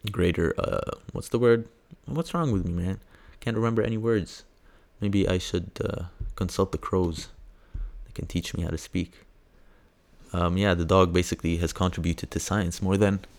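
A man hosting a casual science news podcast, rambling and hesitant with lots of fillers, now and then breaking into high squeals of delight. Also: darkish tone. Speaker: podcast host.

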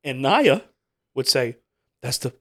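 A man hosting a casual podcast chat, rambling through a story with restarts and asides. His voice sits in an ordinary middle pitch. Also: very animated, slow pace, fairly bright tone. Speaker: podcast host.

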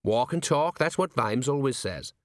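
A man's voice: mid-range voice, lively intonation, moderate pace, no room sound, clean studio sound, pitched above the performer's own voice, lightly acted. Brief: male narrator doing a rambling older sergeant, folksy and set in his ways. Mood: grumbling. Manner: folksy, rambling, common speech.

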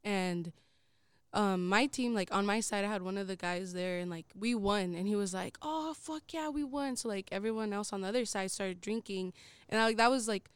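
A woman's voice: medium pitch, steady tone, brisk, clean tone, dry recording. A young woman, co-hosting a casual podcast and telling a long story, rambling with many "likes" and frequent swearing. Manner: rambling, heavy use of filler "like", swears often. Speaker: co-host.

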